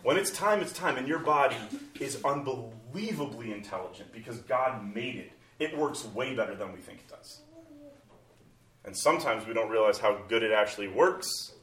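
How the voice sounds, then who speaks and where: Pastor, male, 40s, animated talker, recorded from a distance in a roomy space. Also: medium pitch, normal speed. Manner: animated, acts out inner voices in quotes. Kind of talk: conversational church talk. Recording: roomy sound from a distant mic.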